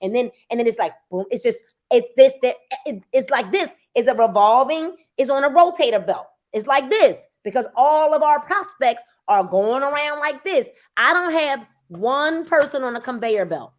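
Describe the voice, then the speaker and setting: Animated, emphatic woman sales coach. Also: sits high, normal speed. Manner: emphatic, repeats phrases for effect; bursts into loud urging at times. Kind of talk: casual motivational talk.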